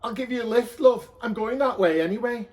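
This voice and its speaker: A man's voice: very high-pitched, fairly quick, a little mellow, voice pushed up. A man doing a chirpy, camp donkey handler. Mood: chummy. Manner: chummy, calls people love and chuck.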